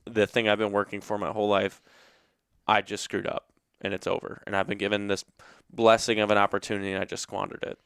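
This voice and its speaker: A man's voice: fairly low pitch, monotone, brisk, gravelly, a bit bright, clean tone, dry recording, studio quality. A young man hosting a podcast, retelling a hunt in an earnest, emotional way with many restarts. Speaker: podcast host. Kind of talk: casual storytelling.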